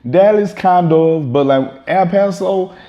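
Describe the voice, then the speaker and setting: A man from the States, explaining things in a relaxed interview and often repeating words as he thinks. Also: high voice, unhurried, highs cut off. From Southern United States. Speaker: guest, blog founder. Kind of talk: casual interview chat.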